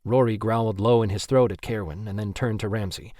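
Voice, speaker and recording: A man narrating an audiobook in a steady, even storytelling manner. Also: lowish voice, fairly quick, no echo, studio quality.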